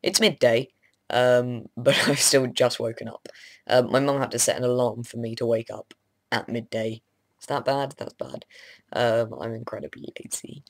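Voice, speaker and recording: A man's voice: medium pitch, fairly even intonation, normal speed, no echo. A young man, just woken up and groggy, rambling casually to camera with lots of hesitant ums and self-deprecating asides. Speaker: vlogger.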